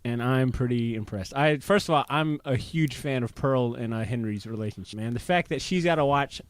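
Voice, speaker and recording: A man's voice: medium pitch, moderate pace, no echo. A man co-hosting a casual comic book podcast, bantering in a laid-back, joking way. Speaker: podcast co-host.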